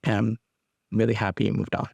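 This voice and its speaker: A young man hosting his own podcast, talking candidly and haltingly, with frequent restarts and casual swearing. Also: on the low side, level tone, gravelly, darkish tone, slightly rough, no room sound. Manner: rambling, halting, restarts often. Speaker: podcast host. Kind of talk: candid personal podcast monologue.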